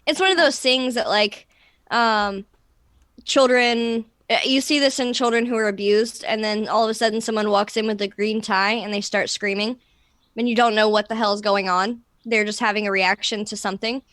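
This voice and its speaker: A woman co-hosting a podcast in casual group chat, telling a personal story and acting out her own past words with lively swings. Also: moderate pace, no echo. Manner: animated, acts out her own past lines in a higher voice. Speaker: podcast co-host.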